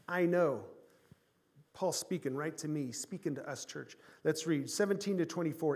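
A man in his forties preaching a sermon, his voice sitting fairly high. He tells a story with animated energy, swinging from loud bursts to hushed, quiet lines. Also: moderate pace. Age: 40s. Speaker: pastor.

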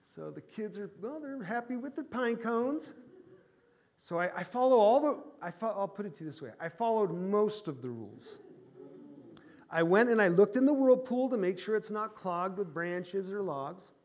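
A man in his forties, a pastor telling a personal story in an animated sermon, swinging from loud bursts to hushed tones. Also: high-pitched, normal speed. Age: 40s.

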